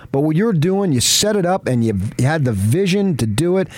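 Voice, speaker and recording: A man's voice: a little high, big pitch swings, fairly quick, a little mellow, no room sound. A man hosting a morning sports radio show in a studio, talking with effusive, emphatic praise. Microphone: studio microphone.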